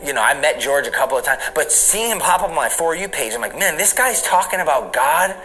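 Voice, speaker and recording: A man's voice: on the high side, expressive, a little fast, pushed and bright, soft background music, rough recording. A man in his late thirties giving a candid, reflective personal testimony in an interview, laughing now and then. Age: late 30s. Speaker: interview guest.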